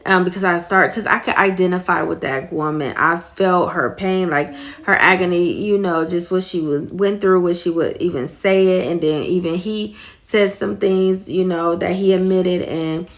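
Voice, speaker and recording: Middle-aged woman host, lowish voice, earnest and rambling, retelling a story in casual faith talk. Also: moderate pace. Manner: rambling, earnest, many fillers.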